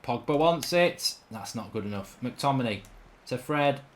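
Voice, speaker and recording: A man commentating on his own football video game in a chatty, rambling way, erupting into loud shouts when a goal goes in. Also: medium pitch, measured pace. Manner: excitable, bursts into loud shouting over goals. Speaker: gaming commentator.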